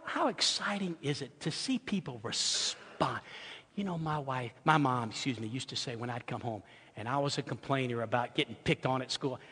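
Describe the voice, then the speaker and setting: Pastor guy, high bright voice, telling a story in a sermon, goes quiet then loud, big echoey church. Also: husky. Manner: storytelling, swings from soft to loud and excited. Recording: long hall reverb.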